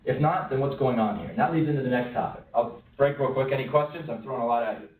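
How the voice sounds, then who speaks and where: With a fast, medium-pitched voice and narrow, tinny audio, a man gives a conversational talk to colleagues at a lunch-and-learn. He asks many questions and now and then acts out quoted voices, captured from a distance in a roomy space with faint room noise.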